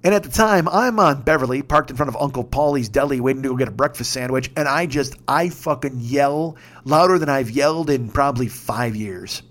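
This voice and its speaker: A man's voice: medium pitch, a little fast, few pauses, fairly bright tone. A man in his fifties telling a rambling, profane story in a casual rant, getting more and more worked up. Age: 50s. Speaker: podcast host.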